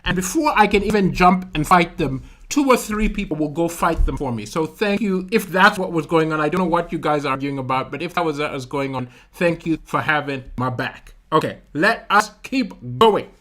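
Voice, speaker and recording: Malawian man telling an animated story. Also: fairly high pitch, moderate pace, few pauses. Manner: animated storytelling with vocal sound effects. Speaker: comedian. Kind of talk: stand-up comedy livestream talking to chat.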